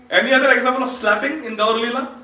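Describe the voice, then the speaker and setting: A man giving a lively storytelling sermon at a temple feast, laughing often and quizzing his audience. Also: very high voice, normal speed, slight background noise. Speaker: speaker at a temple Sunday feast. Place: temple hall. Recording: echoey hall, distant mic.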